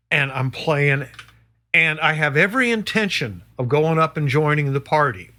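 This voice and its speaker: A middle-aged man, a guest musician, telling a story in a casual, animated way, swearing and peppering it with "you know". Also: a little high, moderate pace.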